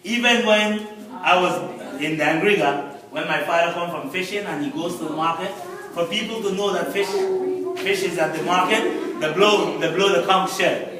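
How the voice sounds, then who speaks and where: A man teaches a class, patient and careful, saying each word again so learners can follow. His voice sits a little high and sounds distant in an echoey room. Students murmur behind him. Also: normal speed. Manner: patient, repeats words for learners. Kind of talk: classroom explanation. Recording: echoey room, mic far off. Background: class chatter.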